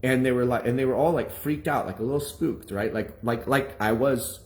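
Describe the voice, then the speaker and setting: A man, a minister, giving a personal testimony to his congregation in an animated, rambling storytelling manner full of restarts. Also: mid-range voice, normal speed.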